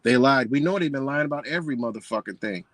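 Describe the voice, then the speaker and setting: A man's voice: medium pitch, lively intonation, fast talker, a bit bright, no echo. A man ranting in a scornful, profane commentary, mocking what he reads and firing off rhetorical questions. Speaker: commentator reacting to a book.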